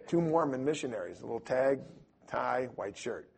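Husky middle-aged guy preaching, tells stories, does all the voices. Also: medium pitch, moderate pace. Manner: animated storyteller who acts out voices in his stories. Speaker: preacher or Bible teacher. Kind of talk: storytelling sermon to a live audience.

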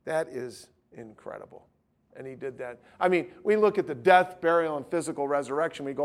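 Brief: fairly high-voiced man preaching a sermon, emphatic storyteller. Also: normal speed. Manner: animated, anecdotal, emphatic.

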